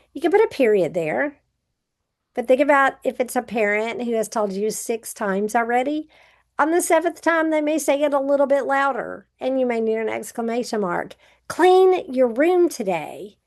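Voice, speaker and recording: A woman teacher records a grammar review for students. Her voice sits a little high with a gravelly fry, and she explains patiently, one step at a time. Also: expressive, normal speed.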